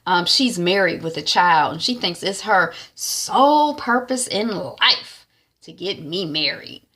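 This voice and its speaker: A woman's voice: fairly low pitch, expressive, measured pace, fairly bright tone. A woman voicing an exasperated single young woman who complains straight to the camera about her matchmaking friend. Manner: dry, exasperated.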